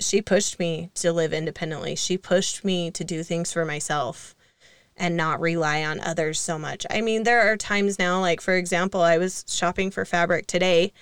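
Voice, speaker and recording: A woman's voice: fairly low pitch, steady tone, normal speed, fairly bright tone, clear, resonant tone, no room sound. A young woman co-hosting a casual podcast, telling stories in a chatty way with fillers and laughs. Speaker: co-host.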